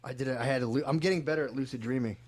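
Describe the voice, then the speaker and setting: A man's voice: mid-range voice, rapid-fire. A man on a podcast in casual chat, rambling through a story and acting out his own quotes. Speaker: podcast co-host.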